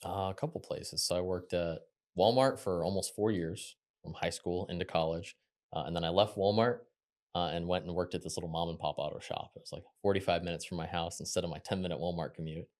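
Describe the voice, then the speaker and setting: A young man, telling stories from his working life as a podcast guest in a quick, chatty way. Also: deep voice. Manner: quick, chatty, animated when quoting others. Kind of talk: casual interview storytelling.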